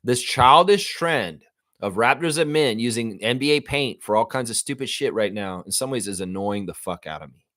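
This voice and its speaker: A man's voice: mid-range voice, animated, normal speed, a bit bright, dry recording, clean studio sound. A man hosting a live fan reaction show, ranting in a profane, exasperated way with repeated outbursts. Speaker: sports show host.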